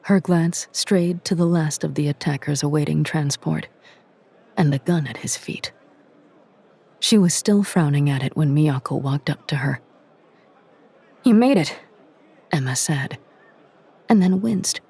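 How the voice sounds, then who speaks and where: A narrator reading an audiobook drama in a measured, dramatic way. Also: mid-range voice, creaky, a little mellow, slightly rough. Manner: measured, dramatic, drops to a whisper at tense moments.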